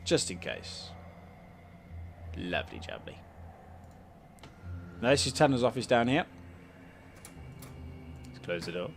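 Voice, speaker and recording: Male let's-play host, casual and jokey, animated pitch, soft music underneath. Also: takes it slowly, vocal fry, long pauses. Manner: chatty, joking asides, reads game text aloud. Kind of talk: casual game commentary and narration.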